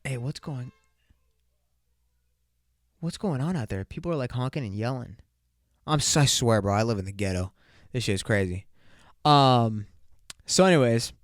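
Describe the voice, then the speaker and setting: A young man hosting his own podcast, rambling loosely and crudely in casual solo talk with bursts of excitement. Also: mid-range voice, no echo, clean studio sound. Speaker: podcast host.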